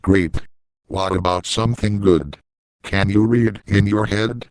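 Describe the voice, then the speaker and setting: A man in a hotel room chatting casually and prompting his friend to read, in a slow, deliberate way. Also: lowish voice, fairly even intonation, clean tone, dry recording, poor audio. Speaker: co-host prompting the reader. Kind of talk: casual chat.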